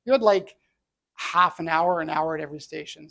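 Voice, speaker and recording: Earnest storytelling man with a gravelly voice. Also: fairly high pitch, moderate pace, fairly bright tone. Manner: earnest, reflective. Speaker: entrepreneur telling his story. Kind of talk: personal storytelling talk.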